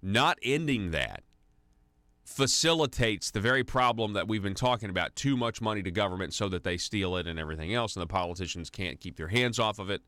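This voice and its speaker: A man's voice: fairly low pitch, expressive, a little fast, pushed and bright, no echo. A man hosting a conservative talk radio show, delivering an indignant, sarcastic monologue full of restarts into a studio microphone. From United States.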